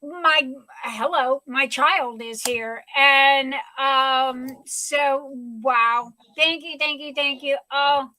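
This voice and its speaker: A woman's voice: high voice, extremely slow, bright, forceful tone, poor audio. An older woman hosting a casual livestream, gushing and emotional, tripping over her words. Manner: gushing, emotional, many restarts. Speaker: livestream host.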